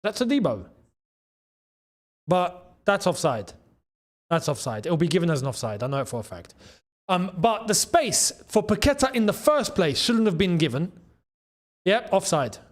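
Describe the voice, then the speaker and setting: A man hosts a live football watchalong and talks to his viewers as the match plays. His voice sits high and swings widely in pitch. He breaks into shouts at goals and near misses. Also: very animated, moderate pace, pauses often.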